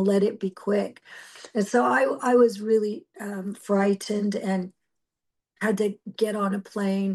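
A middle-aged woman preacher shares her personal testimony in a medium-pitched, slightly mellow voice, telling her story earnestly and emotionally with halting restarts.

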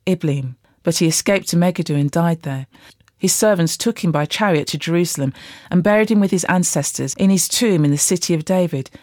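A Bible reader reading scripture aloud at a steady, even rate. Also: mid-range voice, dry recording, clean studio sound.

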